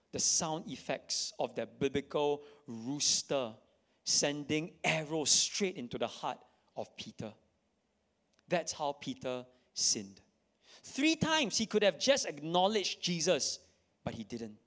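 A man's voice: on the high side, sing-song, measured pace, fairly bright tone. A man preaching a sermon to a live audience, reading scripture dramatically and repeating key lines for emphasis. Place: church in front of an audience.

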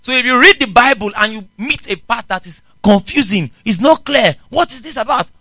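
A man, a pastor preaching a sermon in an animated way and often asking the congregation questions. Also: very high-pitched, normal speed, vocal fry, no room sound, low-quality recording.

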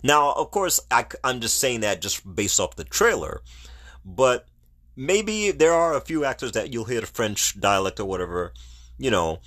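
A middle-aged man hosting a podcast, giving casual solo movie commentary in an animated, ranting way and laughing at his own jokes. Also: mid-range voice, normal speed. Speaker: podcast host.

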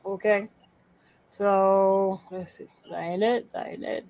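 A woman's voice: medium pitch, flat delivery, slow pace, a little mellow, poor audio. A woman co-hosting a podcast in casual chat, blunt and profane, muttering to herself as she sorts files. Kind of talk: casual chat while sorting files on screen.

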